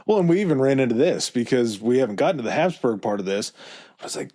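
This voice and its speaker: Very animated and fast-talking, a man with a mid-range, slightly mellow voice co-hosts a history podcast. He presents it casually and conversationally, using fillers and asides.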